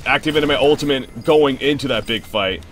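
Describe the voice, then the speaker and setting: A young male streamer with a mid-range voice talks briskly over his gameplay, excitable and loud in his reactions, and chats at length as he fields questions from viewers.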